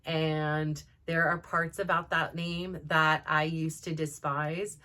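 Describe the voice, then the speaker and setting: A woman hosting a personal vlog, telling stories in a chatty, animated way with lots of "like" and laughter. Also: sits low, takes it slowly. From Russian heritage. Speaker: vlog host. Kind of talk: casual personal storytelling.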